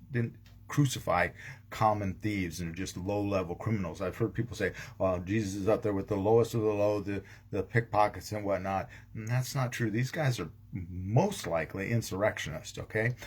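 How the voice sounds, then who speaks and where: Gravelly pastor giving a casual devotional. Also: male voice, on the low side. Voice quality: gravelly, husky. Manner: casual, rambling with many ums and restarts. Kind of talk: daily devotional talk.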